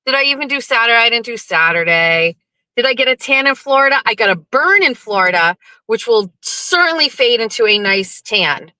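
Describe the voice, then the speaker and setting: A woman's voice: on the high side, expressive, normal speed, bright, forceful tone, no room sound, poor audio. A middle-aged woman hosting a casual livestream from her car, chatty, greeting viewers over and over with rambling asides. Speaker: livestream host. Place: car, driving.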